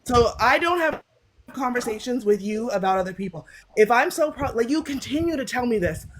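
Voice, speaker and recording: A woman's voice: a little high, expressive, fairly quick, slight background noise. A woman with a stuffy cold, arguing insistently on a live panel and repeating herself to cut in. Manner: interrupting, insistent, repeats phrases. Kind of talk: heated live panel argument.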